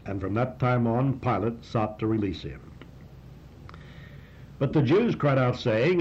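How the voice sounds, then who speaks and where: A man's voice: expressive, a little slow, long pauses, a little mellow. A man preaching a sermon, retelling a scripture passage and reading from it with comments and rising emphasis. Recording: dull lo-fi recording with faint hiss and rumble.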